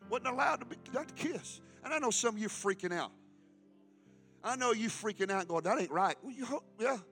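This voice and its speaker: A middle-aged man preaching a sermon as pastor, swinging between loud calls and hushed asides. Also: very high-pitched, lively intonation, a little fast, faint music behind.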